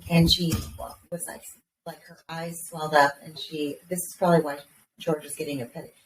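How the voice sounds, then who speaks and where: A woman in her thirties with a slightly low voice tells a story in a lively way, swearing now and then and acting out her kids' lines. She sits away from the mic in an echoey room with faint hiss in the background. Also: a little fast, far from the mic. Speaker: podcast co-host. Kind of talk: casual chat, storytelling.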